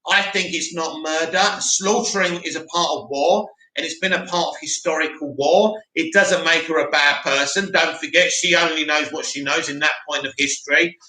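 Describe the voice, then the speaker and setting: A man hosting a live stream, chatting casually and answering viewer comments in an animated way. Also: a little high, moderate pace, few pauses, reverberant. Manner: chatty, animated, mocks a dramatic voice.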